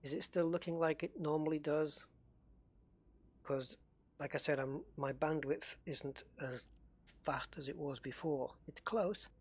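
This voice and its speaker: A man hosts a casual live game stream, reading out viewer names and talking through his moves. His voice sits a little high and has a husky edge. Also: unhurried. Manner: chatty, greets viewers by name, thinks aloud.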